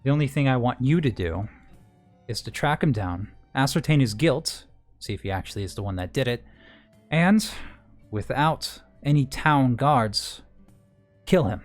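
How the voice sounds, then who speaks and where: A man's voice: medium pitch, animated, a little slow, close to an everyday voice. Brief: grizzled old bounty huntress, matter-of-fact, tabletop role-play, a man voicing her, faint music under. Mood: blunt. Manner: matter-of-fact, hesitant fillers. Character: elderly woman ex-bounty hunter, battle-scarred, blunt.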